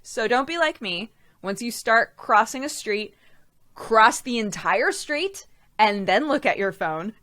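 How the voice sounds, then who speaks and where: A woman's voice: mid-range voice, fairly bright tone. A woman streamer chatting casually on her weekly show. She talks in loose, rambling runs and laughs often, and she breaks off to thank viewers by name. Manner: chatty, laughs often, reads out chat names. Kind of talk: casual live-stream chat.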